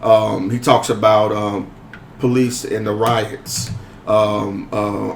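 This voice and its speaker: A man hosting a podcast discussion in a relaxed, conversational way with frequent fillers. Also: lowish voice, takes it slowly, vocal fry. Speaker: podcast host. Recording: echoey room with faint noise.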